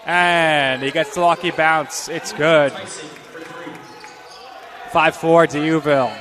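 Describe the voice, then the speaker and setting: Male play-by-play announcer for a basketball game; higher, bright tone, measured pace between the calls. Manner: rapid-fire calls, bursts of excitement on scores. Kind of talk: live basketball play-by-play commentary.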